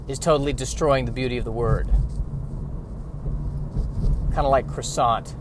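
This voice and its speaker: A man riffing comedically as a podcast host, animated and self-interrupting. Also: medium pitch, moderate pace, background noise.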